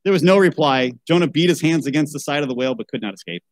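A man's voice: fairly high pitch, lively intonation, racing, no room sound, low-quality recording. A man reading a children's Bible story aloud, breaking off for wry asides and a rant about how such books should be chosen. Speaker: podcast host.

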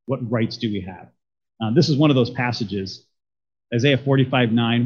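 A man's voice: medium pitch, normal speed, breathy edge, lo-fi sound. A man preaching a sermon as a pastor, talking conversationally and putting questions to his congregation.

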